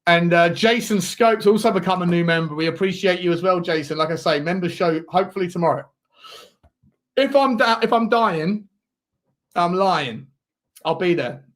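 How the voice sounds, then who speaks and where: A man hosts a live football watchalong, calling play and chatting to his viewers in a fairly high voice. He turns excitable and shouts when a chance comes, then settles back into easy chat. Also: a little fast. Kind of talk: live match watchalong commentary.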